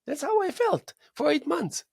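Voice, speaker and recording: A man hosting a talk show, telling a story in a casual monologue with animated delivery and spoken drum sounds. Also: very high-pitched, moderate pace, gravelly, no room sound, studio quality.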